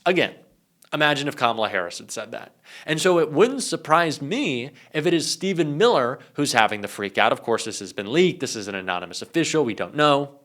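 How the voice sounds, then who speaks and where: Bright-voiced indignant male commentator. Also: medium pitch, very animated, brisk. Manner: indignant, emphatic. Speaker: political commentator. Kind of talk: political commentary.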